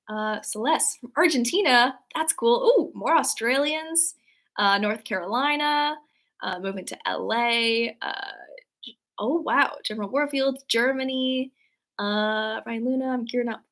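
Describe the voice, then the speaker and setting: A woman hosting a casual livestream, rambling with many fillers and restarts as she reads out chat messages. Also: a little high. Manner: worries her flat delivery sounds sarcastic. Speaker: livestream host reading chat.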